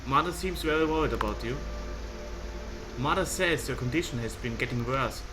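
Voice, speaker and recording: A man voicing a quiet, sullen young son in a subdued, soft-spoken voice. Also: mid-range voice, moderate pace, over music, close to an everyday voice, low-quality recording. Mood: guarded.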